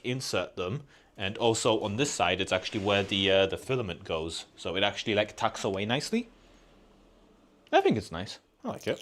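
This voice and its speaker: Lively low-voiced man chatting on a stream. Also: slight background noise. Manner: rambling, restarts, laughs often, swears casually. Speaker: streamer building a 3D printer. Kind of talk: casual live-stream chat.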